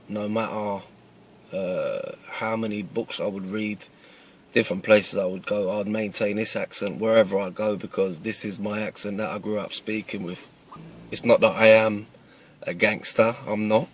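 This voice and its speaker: A man in his thirties from East London with a Cockney accent, talking earnestly to camera from inside a parked car, plain-spoken and often restarting his phrases. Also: on the low side. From East London, England. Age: 30s. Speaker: self-defence video maker. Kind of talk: casual talk to camera.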